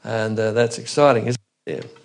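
Gravelly-voiced man preaching. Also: lowish voice, fairly even intonation, moderate pace. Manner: thoughtful, conversational teaching with frequent scripture quotes. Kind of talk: Bible teaching sermon.

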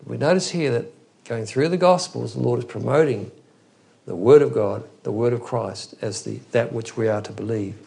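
A man's voice: mid-range voice, moderate pace, gravelly, mellow. A man preaching an expository Bible teaching in an earnest, emphatic way, often restarting his phrases.

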